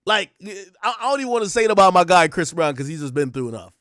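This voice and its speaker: A young man ranting in a casual, profane way, laughing and breaking into loud bursts as he comments. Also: sits high, big pitch swings, fast talker, no room sound, clean studio sound. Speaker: streamer and commentator. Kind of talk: casual rant.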